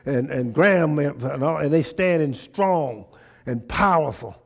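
A husky-voiced male pastor preaches in a church, leading the congregation in call and response. His pitch sits a little high, and he swings from loud, excited preaching down to a hushed, low prayer voice. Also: a little slow. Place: church sanctuary.

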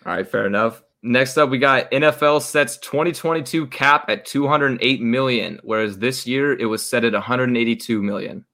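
A man's voice: mid-range voice, moderate pace, hardly any pauses, pushed and bright. A young man co-hosting a casual sports podcast, easygoing and moving the talk from topic to topic. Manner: easygoing, steers to next topic. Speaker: podcast co-host.

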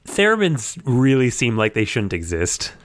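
A man's voice: mid-range voice, sing-song, normal speed, no echo. A man co-hosting a podcast in casual chat, opinionated and critical. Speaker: podcast co-host.

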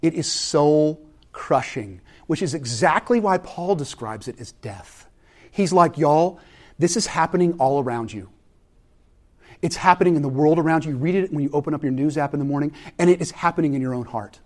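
A man preaching a sermon, animated and dynamic, swinging from loud emphatic lines to hushed, intense ones. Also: on the high side, moderate pace. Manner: animated, shouting voices for crowds, then dropping to quiet intensity. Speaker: pastor.

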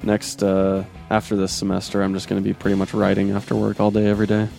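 A man's voice: fairly low pitch, completely flat delivery, fast, creaky, mellow, faint music behind. A young man hosting a podcast, bantering casually, riffing on jokes and laughing often. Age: young adult. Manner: jokey, laughs often, riffs on bits. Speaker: podcast host.

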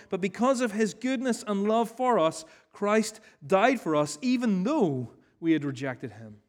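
Guy pastor preaching, kinda high voice, earnest and emphatic, repeats stuff for emphasis. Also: darkish tone. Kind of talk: sermon. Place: church hall.

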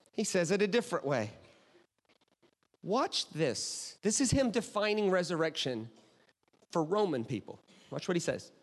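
A man preaching a sermon as a pastor, animated and chatty, checking in with the crowd by asking "right?" and "okay?" again and again. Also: sits high. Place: church auditorium. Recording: reverberant hall.

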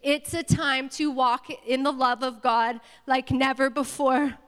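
Woman pastor, fervent call-and-response preacher, high pitch, reverberant sanctuary. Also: fairly even intonation, measured pace, fairly bright tone, clear, resonant tone. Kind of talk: sermon. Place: church sanctuary. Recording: echoey church hall.

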